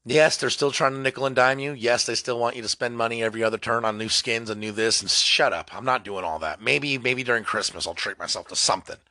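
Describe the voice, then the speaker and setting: A young man hosting a comedy podcast, rambling through a solo monologue that swings from mock-dramatic outbursts to low mutters. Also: steady tone, quick pace, few pauses, sharp tone, no echo, clean studio sound. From California. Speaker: podcast host.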